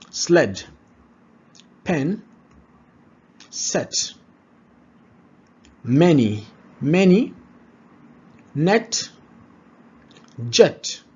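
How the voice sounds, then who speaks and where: A slow-speaking man with a husky voice pitched on the high side drills pronunciation, repeating words slowly and asking "all right?" along the way. The lo-fi recording sounds dull.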